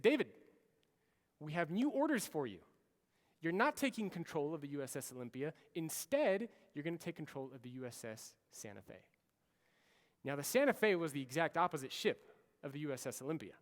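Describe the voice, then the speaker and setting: Man, keynote speaker, fairly high voice, lively storytelling, long hall reverb. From United States. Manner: animated storyteller, acts out quoted orders. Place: large conference hall.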